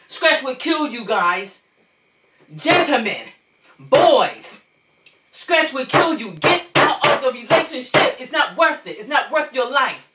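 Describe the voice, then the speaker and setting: A woman's voice: fairly high pitch, fairly bright tone. Grieving mother hosting her channel, impassioned repetitive warning to the men watching, echoey distant recording. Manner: preachy, repetitive, urgent, emphatic. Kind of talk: impassioned monologue to viewers. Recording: echoey room, distant mic.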